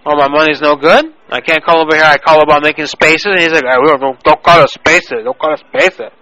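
A man's voice: fairly high pitch, fairly even intonation, brisk, bright, forceful tone, no echo, low-quality recording. A man playing a touchy adult male prank caller who keeps taking offense and repeats himself. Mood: indignant. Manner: indignant, repetitive, picks fights over words. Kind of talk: prank phone call.

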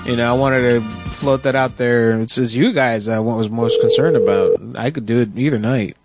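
A man hosting a casual talk radio show who sounds sick, rambling through stories in a loose, profane way. His pitch sits in an ordinary middle range. Music plays steadily behind him. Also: fairly even intonation, moderate pace. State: sick, congested.

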